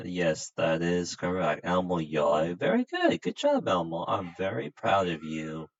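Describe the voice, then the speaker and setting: A male teacher giving a children's language lesson, patient and gently amused, drilling sounds to repeat. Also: sits low, sing-song, slow pace, breathy edge, no echo, dull audio.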